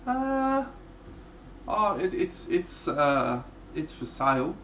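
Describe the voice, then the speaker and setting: A man's voice: fairly high pitch, very animated, takes it slowly, sharp tone, slight background noise. A man with an Australian accent, chatting casually and swearing freely while streaming his miniature painting live. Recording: echoey room.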